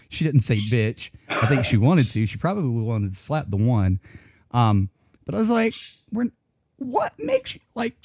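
Male co-host, animated profane storyteller, mid pitch, dry close mic. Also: normal speed, no room sound. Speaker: podcast co-host. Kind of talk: casual chat storytelling.

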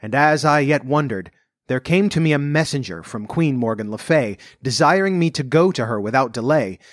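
A man's voice: medium pitch, animated, normal speed, no room sound, clean studio sound, natural voice. A man voicing a loyal but deceived medieval knight in an audiobook reading, speaking archaic courtly lines earnestly. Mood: remorseful. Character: loyal deceived knight, male, adult, remorseful.

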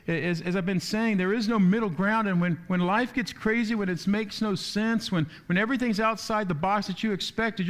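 A male pastor preaching a sermon in church, animated and conversational, often acting out quoted voices. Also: high-pitched.

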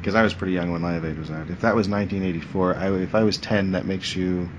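A man's voice: low voice, steady tone, fast talker, highs cut off, noisy background. A man in his forties, chatting casually as a podcast host, rambling and jokey, often trailing off. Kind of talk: casual chat.

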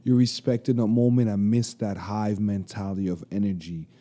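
A man co-hosting a podcast in casual chat, telling animated stories, acting out other people's voices and swearing freely. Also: on the low side, moderate pace. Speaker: podcast co-host.

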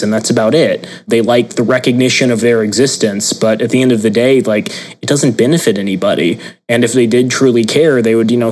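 Young man, podcast co-host, casual chat, mid-pitched voice, animated retelling with little voices. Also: rough recording. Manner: animated, acts out quoted people in voices.

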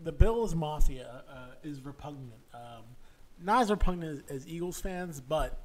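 A man's voice: on the high side, lively intonation, moderate pace, darkish tone. A man co-hosting a sports podcast, making crude jokes and stammering through restarts in casual banter. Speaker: podcast co-host.

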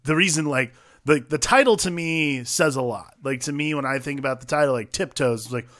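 A man's voice: medium pitch, fairly quick, hardly any pauses, fairly bright tone. A man co-hosting a casual movie review podcast, rambling and profane, full of fillers. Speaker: podcast co-host.

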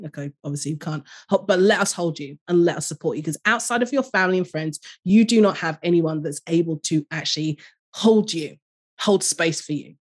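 Animated London woman, lively laughter. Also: low-pitched, fairly quick. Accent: London English. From London, England. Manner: animated, laughs often, frequent affirmations. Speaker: guest, business coach. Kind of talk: casual podcast conversation.

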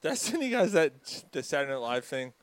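A man hosting a casual sports podcast with friends, laughing often and firing off quick asides. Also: a little high, big pitch swings. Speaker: podcast host.

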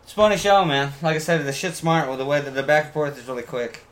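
A man who has been drinking chatting casually, rambling and swearing, stopping and restarting often. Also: fairly high pitch. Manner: rambling, profane, halting with fillers. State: tipsy from beer. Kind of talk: casual chat.

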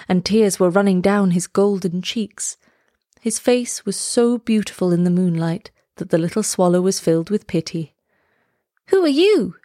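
A woman reads a classic fairy tale aloud in a measured, expressive storytelling manner. Her pitch sits in an ordinary middle range. The recording is dry and close, with no room echo.

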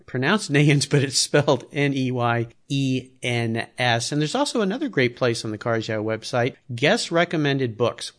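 Upbeat guy hosting a car podcast, excited, keeps it friendly. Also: mid-range voice. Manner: upbeat, enthusiastic interviewer. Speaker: podcast host. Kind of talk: casual interview.

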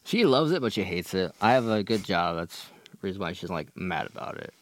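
A man chatting as a podcast guest, laid-back and halting, with lots of fillers. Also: low-pitched, big pitch swings. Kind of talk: casual chat.

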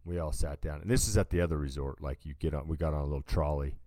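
He has a bass voice with a steady tone, quick and mellow, captured in studio quality with no room sound. As a podcast co-host, he tells a meandering, easygoing story and keeps addressing the listener as "dude."

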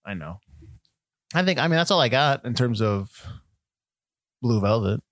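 A man co-hosting a casual film chat, animated, slipping into put-on voices for quotes and laughing often. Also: mid-range voice, measured pace, no echo, clean studio sound. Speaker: podcast co-host. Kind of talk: casual chat about films.

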